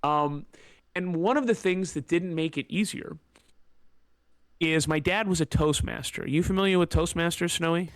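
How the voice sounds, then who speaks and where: A man's voice: a little high, normal speed, no echo. A man hosting a podcast, telling a personal story in a candid, emotional, rambling way with many fillers, close to tears. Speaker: podcast host.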